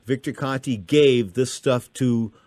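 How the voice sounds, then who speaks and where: A man hosting a radio talk show, telling rambling, animated stories to his co-host and listeners. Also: medium pitch, a little slow, no echo.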